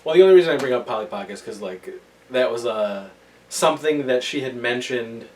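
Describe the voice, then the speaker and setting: A man's voice: medium pitch, lively intonation, fairly quick, a little mellow. Laid-back man host, distant mic. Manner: laid-back, swears casually, laughs often. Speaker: podcast host. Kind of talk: casual chat. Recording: distant mic with faint room noise.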